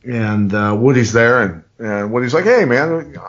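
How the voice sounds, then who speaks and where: Male podcast host, lowish voice, loose profane storyteller, lo-fi audio. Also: moderate pace. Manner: profane, rambling anecdotes with lively impressions. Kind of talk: casual storytelling.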